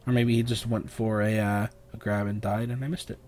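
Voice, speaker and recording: A young man with a sore throat, casting a video game match alone in a rambling play-by-play full of fillers, often clearing his throat. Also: fairly low pitch, level tone, brisk, a little mellow, slight background noise. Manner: rambling, filler-heavy, lifts and speeds up on big plays. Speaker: esports caster. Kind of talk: solo play-by-play game commentary.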